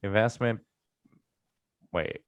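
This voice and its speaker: A man co-hosting a podcast, joking around, laughing and swearing in relaxed chat. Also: on the low side, slow, smooth, dry recording, dull audio. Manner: joking, profane, laughs often. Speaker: podcast co-host.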